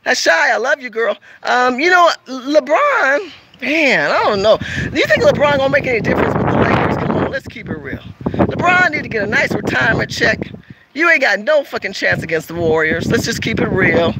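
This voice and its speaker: A woman's voice: a little high, very animated, moderate pace, background noise. A woman from California hosting a casual livestream, talking emphatically and repetitively straight to her viewers as she reads their comments.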